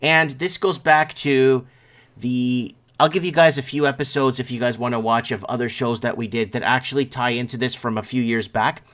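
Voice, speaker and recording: A male host talks loosely through headlines on his morning stream, wandering off on tangents and answering chat comments as they come in. He sounds sleepy and yawning, with a middling pitch and an everyday voice. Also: steady tone, moderate pace, fairly bright tone. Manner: rambling, reacts to chat comments. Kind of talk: casual live-stream commentary.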